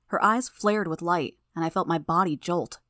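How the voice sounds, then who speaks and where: Brief: woman audiobook narrator, slightly low voice, measured first-person storytelling, dry recording. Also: fairly bright tone, no echo.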